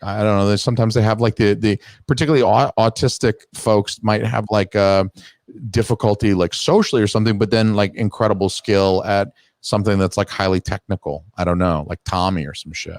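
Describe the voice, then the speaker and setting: A man with a New Hampshire accent co-hosting a podcast, blunt and deadpan, with crude jokes. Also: fairly low pitch, brisk, no room sound. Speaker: podcast co-host. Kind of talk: casual crude banter.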